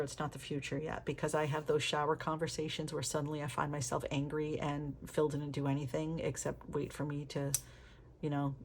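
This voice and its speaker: A woman's voice: deep voice, darkish tone. A middle-aged woman chatting candidly while flipping through her planner, laughing often and swearing casually. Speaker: planner vlogger. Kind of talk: casual flip-through chat.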